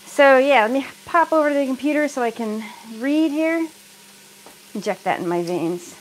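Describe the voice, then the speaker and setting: A woman's voice: sits high, animated, normal speed, a little hiss or hum, rough recording. Chatty woman cooking in her kitchen. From United States. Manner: chatty, laughs often, reads and answers live comments. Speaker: cooking livestream host. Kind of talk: casual chat while cooking. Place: home kitchen.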